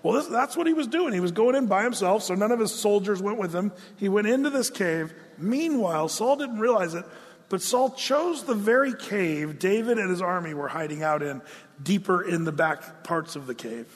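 Man, pastor, high voice, animated storytelling sermon, long hall reverb. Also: normal speed. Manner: storytelling, acts out quotes with playful asides.

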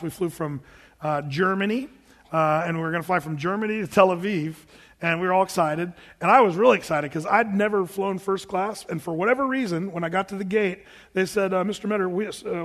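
A man's voice: sits high, fairly bright tone. A male preacher telling a personal story to his congregation, chatty and self-amused, often laughing. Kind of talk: storytelling sermon to a live congregation. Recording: long reverb of a big hall.

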